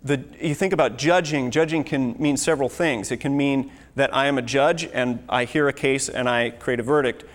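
A man's voice: medium pitch, normal speed, few pauses. Man preaching in a reverberant hall. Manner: earnest, teaching, reads scripture aloud. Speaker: pastor. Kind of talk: sermon.

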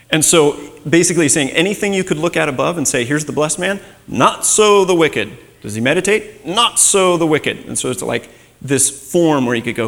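A man gives a sermon in a chatty, teaching manner and slips into quoted voices now and then. His voice has a gravelly edge at a mid pitch. A long reverb trails after each phrase, as in a big hall. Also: a bit bright. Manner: conversational, acts out quoted voices. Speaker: preacher.

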